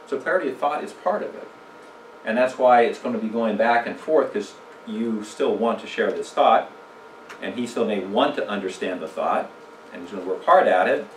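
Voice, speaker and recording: A man's voice: lowish voice, brisk, a little hiss or hum. Man teaching a church seminar, echoey room. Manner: conversational, asks the audience questions, tells jokes. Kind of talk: casual church seminar talk. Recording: echoey room, mic from a distance.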